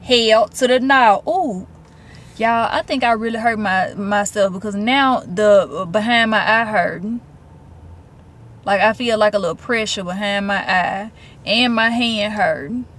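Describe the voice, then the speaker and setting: A woman's voice: medium pitch, measured pace, a bit bright. A woman, chatting expressively to her viewers in a casual vlog. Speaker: vlogger.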